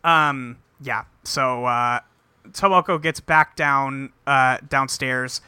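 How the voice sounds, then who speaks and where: A man casually recapping an episode with a co-host, swearing freely and acting out the characters in quick quotes. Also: mid-range voice, pushed and bright, clean tone, no echo. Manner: loose, profane, acts out characters in quick quotes. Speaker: podcast co-host recapping an anime. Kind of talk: casual chat.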